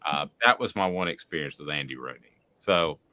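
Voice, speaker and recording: Speaking briskly in a deep, rumbling voice, this man co-hosts a sports radio show. In casual on-air chat he's an animated storyteller, spinning long, rambling tales packed with fillers.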